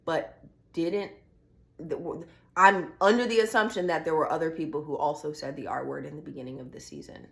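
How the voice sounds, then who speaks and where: A woman's voice: sits low, steady tone, fairly quick, vocal fry, fairly bright tone. A young woman vlogging in a casual, blunt style, ranting with heated profanity about a reality show. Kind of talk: casual opinion vlog.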